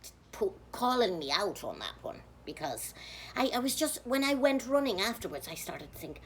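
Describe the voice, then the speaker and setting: A woman with an Irish accent, rambling through a comic monologue as a nun, chatty and mock-pious with deadpan dark jokes. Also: mid-range voice, moderate pace, slight background noise. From Ireland. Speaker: comedian in a nun persona. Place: outdoors, with passers-by.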